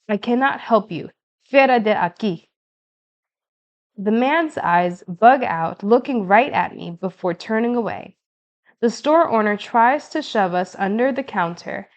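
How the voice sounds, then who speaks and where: In a mid-range voice, a woman reads a first-person audiobook, her storytelling measured and expressive.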